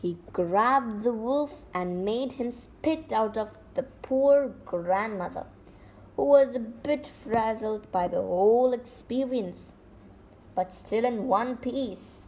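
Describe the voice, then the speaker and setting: Slow gentle woman storyteller. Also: fairly high pitch, highs cut off. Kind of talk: children's story narration.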